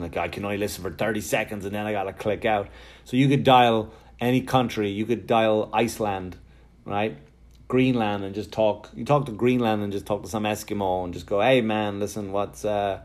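Man doing profane stand-up. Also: on the low side. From Ireland. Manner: animated, profane storytelling with acted-out quotes. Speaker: stand-up comedian. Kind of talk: stand-up comedy set.

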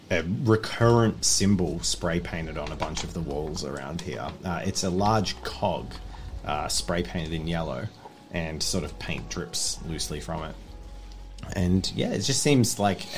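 A man narrating a tabletop game as game master, describing scenes with hesitant fillers. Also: low voice.

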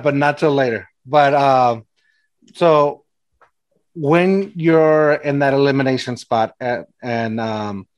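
A man hosting a casual interview, asking relaxed questions with a joking manner. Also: medium pitch, dry recording. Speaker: interview host.

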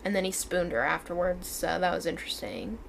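A woman's voice: lowish voice, animated, a little fast, gravelly, a little hiss or hum. A woman co-hosting a book club podcast in casual chat. She is chatty, laughs often and fills her talk with ums and likes.

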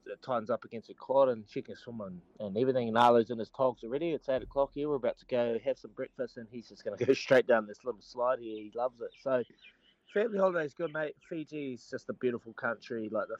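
A man's voice: mid-range voice, fast, no echo, muffled recording. A man, calling in from a holiday resort to tell a story in casual banter, often laughing mid-sentence. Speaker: sports radio regular calling in from holiday. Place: holiday resort abroad, remote call.

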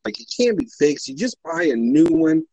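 A man's voice: a little high, sing-song, moderate pace, gravelly, dark tone, no echo, poor audio. Profane, rambling man in casual chat.

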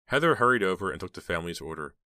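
A man narrating a horror novel as an audiobook in a steady, even storytelling manner. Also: sits low, racing, dry recording, clean studio sound.

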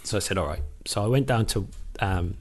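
A man's voice: lowish voice, brisk. Swearing ex-footballer telling his story. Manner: swears freely, retells with quoted dialogue. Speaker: podcast guest, former footballer. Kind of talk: casual storytelling.

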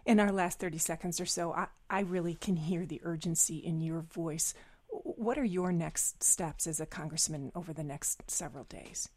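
A woman's voice: deep voice, darkish tone. Woman hosting a news radio show. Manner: measured, clear interviewer.

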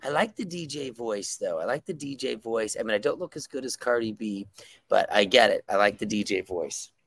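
A man's voice: on the low side, animated, fairly quick, fairly bright tone, no echo. A man being interviewed as a comic book writer, talking enthusiastically and rambling with many fillers. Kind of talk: casual interview talk.

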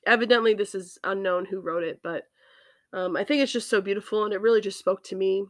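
A woman hosting a faith podcast, talking earnestly and haltingly with many ums and restarts, emotional and near tears. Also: mid-range voice, no echo, clean studio sound. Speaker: podcast host. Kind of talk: personal faith reflection.

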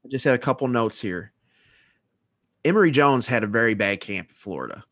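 A man's voice: mid-range voice, animated, a little fast, fairly bright tone, no room sound, studio quality. A man co-hosting a casual college football podcast, running through his notes in a matter-of-fact way. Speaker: podcast co-host. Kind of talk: casual sports chat.

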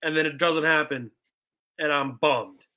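A man in his twenties, a guest musician in a casual podcast chat, talking excitably and filling his speech with "bro" and "like". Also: on the high side, measured pace. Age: 20s.

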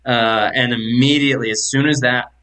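A man serving as game master at a tabletop game. He describes the scene in a loose, easygoing way at a middle pitch. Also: steady tone, normal speed, pushed and bright, clean tone, rough recording.

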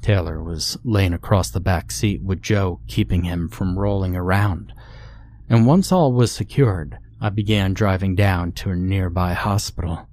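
A man's voice: low-pitched, measured pace, a little mellow. A man narrating a scripted horror story in a grave, brooding way.

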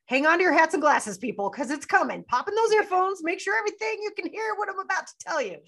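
Animated woman mentor giving sales advice. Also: very high voice, quick pace. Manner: emphatic, animated, playful coaching tone. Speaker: business mentor guest. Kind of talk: podcast interview.

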